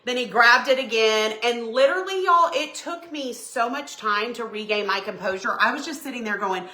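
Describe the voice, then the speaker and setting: Bright animated woman. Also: a little high, normal speed, few pauses, roomy sound. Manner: animated, folksy, bursts into shrieks and laughter when retelling. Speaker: craft livestream host. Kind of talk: chatty storytelling during a live craft stream.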